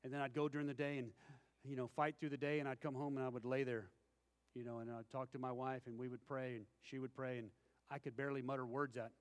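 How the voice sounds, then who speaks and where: A man's voice: mid-range voice, flat delivery, fast talker. A man, preaching a sermon and telling folksy stories, acting out the voices of the people in them. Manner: folksy storytelling with acted-out quotes. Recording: long hall reverb.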